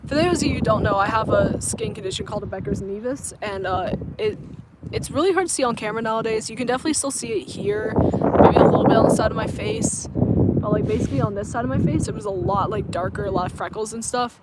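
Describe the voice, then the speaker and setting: A woman's voice: a little high, expressive, quick pace, very noisy. A woman in her twenties from coastal North Carolina, chatting casually with her viewers on a phone camera while outdoors, laughing often as she answers their comments. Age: 20s. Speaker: vlogger. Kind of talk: casual livestream chat. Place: outdoors, parking lot and grassy area.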